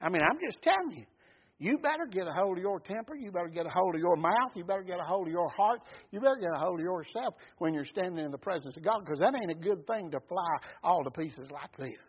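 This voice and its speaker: A man's voice: high-pitched, animated, fast, breathy edge. A man preaching a sermon in a folksy, emphatic way, often calling out for an amen. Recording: tinny phone-like sound.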